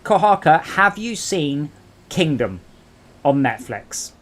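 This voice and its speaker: A man talks through a late-night gaming stream, his voice sitting a little high and swinging widely in pitch. He rambles, restarts, and breaks into jokes in relaxed chat. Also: takes it slowly. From England. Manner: rambling, animated storyteller. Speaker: streamer host.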